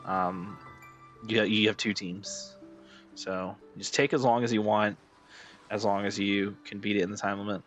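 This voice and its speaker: Rambling low-voiced male streamer. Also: moderate pace, soft background music. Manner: rambling, many "like" fillers and restarts; gets excited and higher when amused. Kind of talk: casual chat with live chat while gaming.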